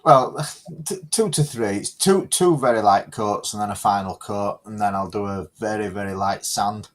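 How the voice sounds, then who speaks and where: A man's voice: fairly low pitch, moderate pace. A man on a modelling live chat, answering briefly and plainly. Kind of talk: casual chat.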